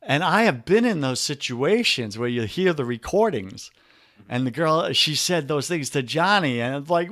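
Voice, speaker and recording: A man's voice: fairly high pitch, expressive, moderate pace, a bit bright, no echo, clean studio sound. A man with a New York accent, a guest on a podcast interview, coaching listeners in an emphatic, preachy way and calling them brother.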